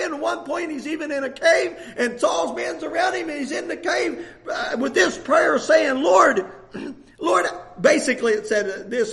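A man preaching a sermon with passion, often shouting and laughing as he speaks. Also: very high voice, gravelly.

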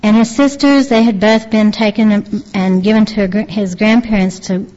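A woman's voice: mid-range voice, fairly even intonation, darkish tone. Earnest woman preaching in a reverberant hall. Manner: earnest, halting, with frequent restarts. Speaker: lay preacher retelling a testimony. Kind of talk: devotional storytelling. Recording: long reverb, dull lo-fi sound.

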